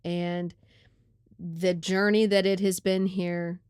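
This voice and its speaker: Animated woman telling a story. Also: fairly low pitch, slow pace, clean tone, dry recording, studio quality. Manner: animated, often says "right?" and "like". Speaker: podcast host. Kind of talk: casual storytelling chat.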